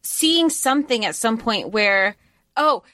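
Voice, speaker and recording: A woman co-hosting a podcast, talking about a film in a blunt, animated way. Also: fairly high pitch, takes it slowly, no echo. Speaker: podcast co-host. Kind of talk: casual movie discussion.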